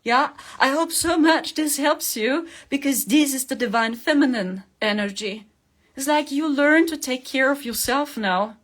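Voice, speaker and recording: Woman, fairly high voice, earnest coaxing spiritual talk, laughs often. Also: unhurried, fairly bright tone. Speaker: spiritual livestream host.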